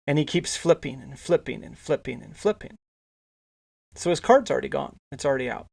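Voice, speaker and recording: A man's voice: medium pitch, expressive, a little fast, vocal fry, darkish tone, breathy edge. A male podcast host telling a casual anecdote, rambling with frequent restarts and repeated words. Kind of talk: casual storytelling.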